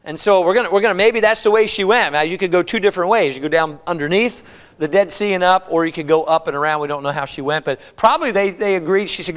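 A man's voice: high-pitched, quick pace, fairly bright tone. A male preacher teaching through a Bible passage in a conversational way, voicing the characters' lines as he reads. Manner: conversational, acts out the characters' words. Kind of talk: expository Bible-study sermon. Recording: long reverb of a church hall.

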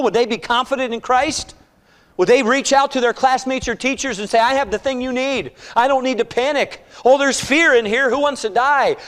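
A man preaching a sermon in a church, firing rhetorical questions and swinging between loud urging and hushed, quiet passages. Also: high-pitched. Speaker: pastor. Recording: reverberant hall.

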